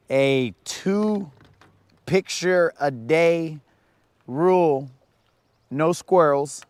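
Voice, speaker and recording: The voice is a little high and smooth, with no room sound. He's a man fishing outdoors on a lake during a livestream, casually bantering with viewers and ribbing them in slangy, playful fashion.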